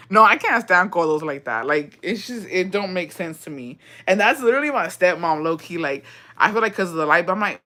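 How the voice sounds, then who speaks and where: Woman, young, bright tense voice, casual storytelling, profane. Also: lowish voice, fast talker. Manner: profane, expressive, mixes in Spanish phrases. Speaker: streamer.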